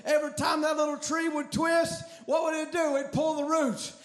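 A man preaching a fiery revival sermon, shouting in a chanting cadence. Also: very high-pitched, flat delivery, normal speed.

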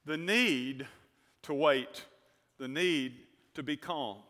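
A man's voice: fairly high pitch, slow, bright, forceful tone. A man preaching a sermon as pastor, telling a story to his congregation and reading scripture aloud. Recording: church hall reverb.

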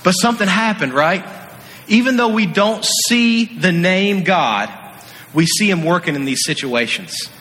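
A man preaching an animated sermon, telling the story with energy and playfully acting out the scenes, in a large echoey hall. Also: high voice, a little slow. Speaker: youth pastor.

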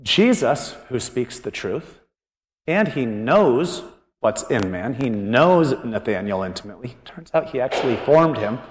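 Lively preaching man in a reverberant hall. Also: medium pitch, a little slow. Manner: animated, joking, thinking aloud. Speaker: pastor. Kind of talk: conversational sermon. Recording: long reverb of a large hall.

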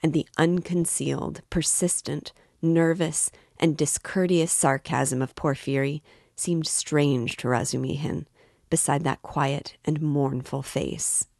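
Woman reader, steady narration, low voice, dry. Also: slow, creaky, no echo. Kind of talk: literary read-aloud.

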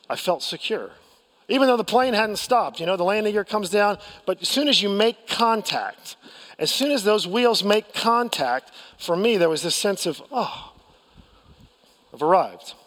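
An American man preaching from the pulpit, with a fairly high voice and a long reverb trailing his words through the hall. He tells a personal story candidly and pokes fun at himself, stumbling into restarts as he goes. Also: fairly bright tone. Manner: candid storytelling with self-deprecating humor and frequent restarts. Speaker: pastor. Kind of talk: sermon.

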